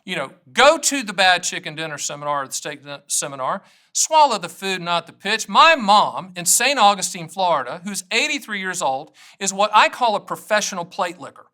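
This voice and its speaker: Middle-aged guy talking to camera about annuities, bright voice, jokey and rambly. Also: sits high, moderate pace. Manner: energetic, joking, digressive. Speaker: annuity agent. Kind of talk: casual direct-to-camera talk.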